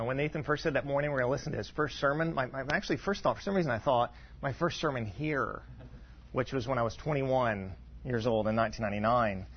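A man in his forties, a pastor, preaching a sermon in an earnest, self-deprecating way, often restarting and clearing his throat. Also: medium pitch, lo-fi sound, a little hiss or hum. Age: 40s.

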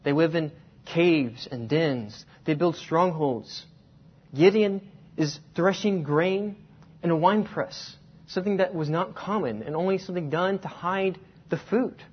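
A man preaching a sermon, telling a personal story and slowing down to stress key words. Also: a little high, slightly rough. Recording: dull lo-fi sound.

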